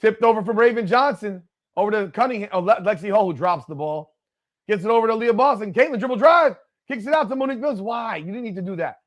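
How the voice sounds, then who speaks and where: High-voiced excitable man calling plays. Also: quick pace, highs cut off. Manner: excitable, critical, cursing, heckling players. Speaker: watch party host. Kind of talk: live play-by-play commentary.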